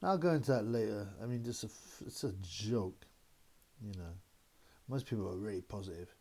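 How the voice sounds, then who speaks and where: Brief: male host, slightly low voice, loose rambling chat with laughs. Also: normal speed, mellow. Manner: rambling, laughing, mocking impressions of critics. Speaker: boxing channel host. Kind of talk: casual solo commentary.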